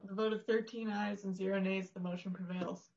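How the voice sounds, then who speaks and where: A woman clerk calls the roll quickly in a flat, fairly high voice. Her names come out brisk and even. The audio is dull and lo-fi. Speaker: committee clerk taking roll. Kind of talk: roll call.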